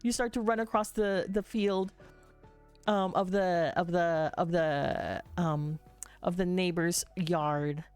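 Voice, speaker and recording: A woman narrating a livestreamed tabletop game as game master, meandering and halting with many fillers. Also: on the low side, steady tone, darkish tone, clear, resonant tone, soft background music.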